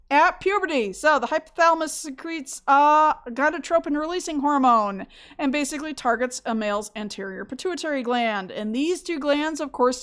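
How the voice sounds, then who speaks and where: A woman's voice: high voice, fairly bright tone, clean tone. A woman giving a casual recorded biology lecture from home, chatty and digressive, laughing at her own stories. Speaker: biology instructor.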